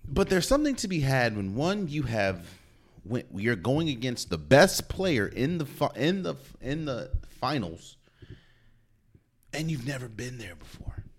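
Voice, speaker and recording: A man's voice: medium pitch, unhurried. A man hosting a solo sports podcast, talking casually and stopping to repeat words as he restarts. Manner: animated, repeats words when restarting, laughs often. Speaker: podcast host. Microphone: podcast mic.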